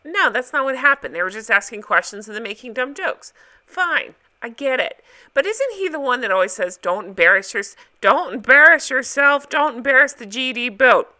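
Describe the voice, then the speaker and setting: A woman chatting casually to her viewers as she recaps a reality show, talking in an animated way and jumping from one topic to the next. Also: medium pitch. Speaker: recap vlogger.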